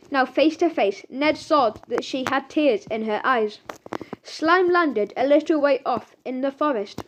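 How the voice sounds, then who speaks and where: A woman narrating a children's audiobook in a lively storytelling manner. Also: high voice, a little slow, a little hiss or hum. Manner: lively storytelling with sound words.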